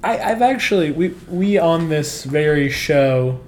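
A man with a somewhat high voice recaps a sitcom episode in easy, casual chat. He laughs often and slips into the characters' lines as he retells scenes. The tone stays relaxed and conversational throughout. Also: measured pace, slight background noise. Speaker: podcast co-host.

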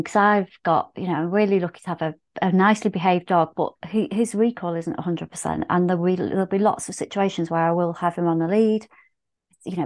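A woman hosting a podcast, asking her guest questions in a chatty way full of "you know" and "like". Her voice sits a little low. She talks easily and shares her own stories. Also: a little mellow. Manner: chatty, with lots of fillers. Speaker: podcast host. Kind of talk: podcast interview.

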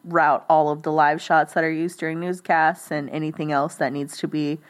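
A woman's voice: low-pitched, level tone, normal speed. A young woman chatting casually as a guest, rambling and laughing at her own jokes. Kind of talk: casual chat.

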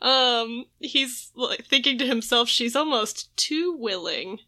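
A woman co-hosting a casual chat, retelling a comic's scenes with quick voiced quotes, laughing often and swearing casually. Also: on the high side, animated, sharp tone. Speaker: podcast co-host.

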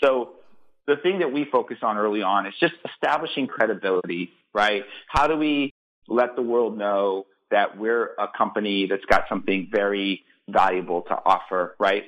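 A man's voice: fairly low pitch, a bit bright, lo-fi sound. A man, a startup founder, answering interview questions earnestly and enthusiastically, often repeating words as he starts a thought.

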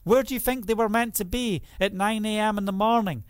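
A man's voice: high voice, a little fast, dry recording, clean studio sound. A man preaching a sermon, putting rhetorical questions to his listeners.

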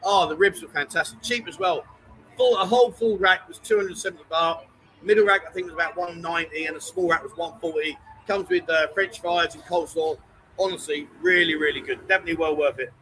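Man, live-stream host, teasing banter, high voice, bright tone. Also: a little fast, poor audio. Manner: teasing banter, reads viewer comments aloud. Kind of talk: casual live-stream chat. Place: bar.

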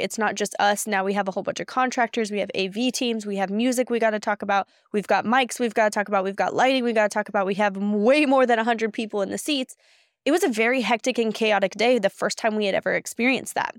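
A woman co-hosting a podcast, telling stories in an energetic, passionate way. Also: medium pitch, smooth, no echo, studio quality. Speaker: podcast co-host. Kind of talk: casual chat.

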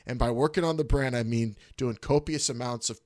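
A man hosting a casual wrestling podcast, animated and jokey, swearing freely and jumping up in pitch when excited. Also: brisk, no room sound, clean studio sound. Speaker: podcast host.

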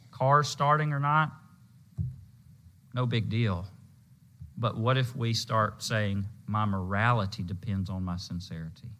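Bright-voiced preacher stretching key words. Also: male voice, medium pitch. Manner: emphatic, drawn-out stresses on key words. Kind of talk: sermon.

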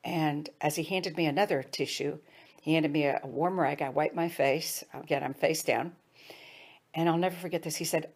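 Middle-aged woman, low gravelly voice, earnest storyteller. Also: fairly even intonation, normal speed. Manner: earnest, drops to hushed tones for quoted advice. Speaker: speaker. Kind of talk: personal storytelling talk.

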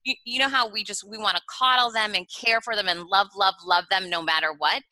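A woman's voice: medium pitch, a little fast, sharp tone, no room sound, rough recording. A woman in her forties, a guest author on an interview podcast, telling stories animatedly and slipping into sing-song baby talk to act them out.

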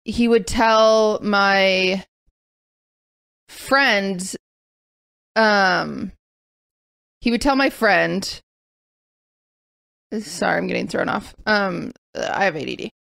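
A woman's voice: mid-range voice, extremely slow, vocal fry, pauses often, a bit bright, clear, resonant tone, dry recording. A woman hosting a casual chat podcast, talking animatedly and rambling with restarts. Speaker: podcast host.

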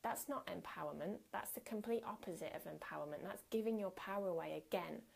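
A woman's voice: lowish voice, brisk, gravelly, a little mellow, slightly rough. A woman giving a candid, earnest workshop talk as a coach, speaking conversationally with occasional fillers.

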